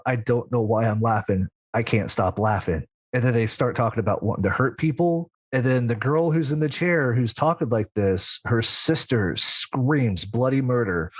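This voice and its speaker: A man's voice: medium pitch, dry recording. A man who works as a demonologist, telling a long story in a casual interview, full of asides and little laughs. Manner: rambling, with frequent asides and laughs. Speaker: practicing demonologist guest.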